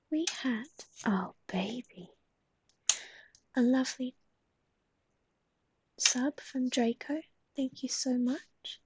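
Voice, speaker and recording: A young Australian woman talking on a live stream in a very breathy, often half-whispered voice, a little higher than most. She sounds chatty and affectionate and swears casually. The sound is dry and close. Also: dry recording.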